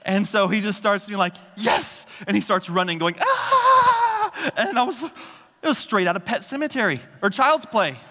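A man with a bright, slightly high voice gives a conversational sermon from the pulpit. He tells lively stories and keeps asking the room "right?" The sound rings with the long reverb of a large hall. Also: fairly quick. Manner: animated storytelling with frequent "okay?" and "right?" check-ins. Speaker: pastor.

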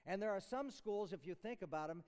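Middle-aged male chapel preacher, earnest teaching tone, smooth resonant voice, reverberant hall. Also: high voice, animated, fairly quick. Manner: earnest, explanatory, with restarts and soft chuckles. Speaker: chapel speaker. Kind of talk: sermon.

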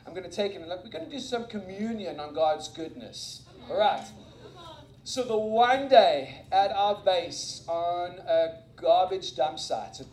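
A man with a notably high voice delivers an energetic sermon, mixing stories with jokes at his own expense. His words ring around a roomy, echoing church hall. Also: slight background noise. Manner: animated, self-mocking, laughs often. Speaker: guest preacher and missionary. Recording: echoey room.

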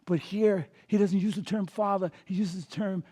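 A man preaching a sermon as pastor, calling on the congregation to repeat words, swinging between emphatic and hushed delivery. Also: high-pitched, fairly even intonation, normal speed. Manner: preaching with call-and-response prompts to the congregation.

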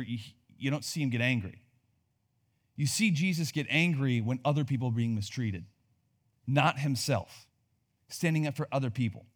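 Guy giving a sermon, kinda high voice, jokey and animated, keeps asking the crowd stuff. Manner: conversational, joking, animated delivery with rhetorical questions. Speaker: pastor.

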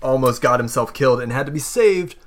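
A man's voice: mid-range voice, expressive, a little fast, close to an everyday voice. A man voicing a blunt, cynical male soldier who leads escorts, teasing and plain-spoken in a tabletop game.

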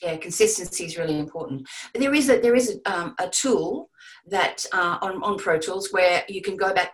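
A woman's voice: lowish voice, normal speed, poor audio. A woman who narrates audiobooks and coaches, chatting reflectively about her craft on a panel. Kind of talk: panel discussion.

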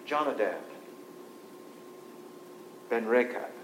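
A man's voice: animated, slow pace. A man teaching a Bible study to a group, reading scripture aloud and explaining it in a conversational way. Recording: echoey room with faint low rumble.

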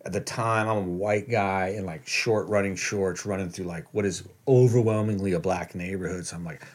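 A man's voice: low voice, fairly even intonation, normal speed. A man telling a long, rambling story to friends in casual chat, full of "like" and restarts.

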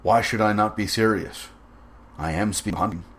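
A man voicing a suave, cruel aristocratic general with smooth, mocking menace. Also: on the low side, steady tone, fairly quick, fairly bright tone.

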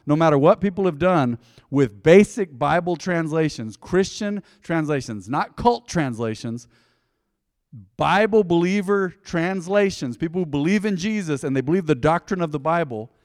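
A man's voice: medium pitch, a little mellow. Man teaching in a reverberant church. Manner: conversational, emphatic preaching. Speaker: pastor. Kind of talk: teaching a Bible study. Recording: long hall reverb.

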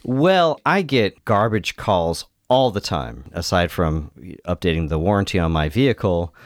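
Low-voiced guy chatting easy, goes on a while, dry close mic. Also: lively intonation, unhurried, no echo. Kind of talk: casual conversational chat.

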